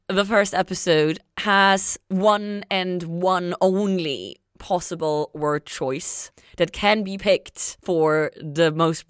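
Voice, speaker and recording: A woman's voice: lowish voice, smooth, dry recording, studio quality. A woman co-hosting a podcast, chatting casually and explaining word meanings step by step with playful humor. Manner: playful, nerdy, explains words methodically. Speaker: podcast co-host. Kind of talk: casual chat.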